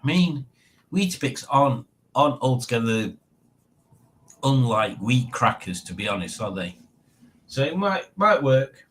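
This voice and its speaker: A man's voice: medium pitch, big pitch swings, a little slow, pauses often, fairly bright tone. A man hosting a casual livestream, chatting and rambling to his viewers in a self-mocking way. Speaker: livestream host. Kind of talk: casual chat.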